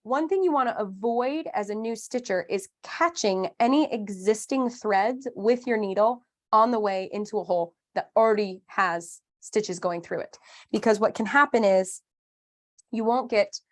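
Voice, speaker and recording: A woman's voice: mid-range voice, normal speed. Chatty craft teacher lady, upbeat, jokey asides, walks you through it. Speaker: craft class instructor. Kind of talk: live online craft lesson.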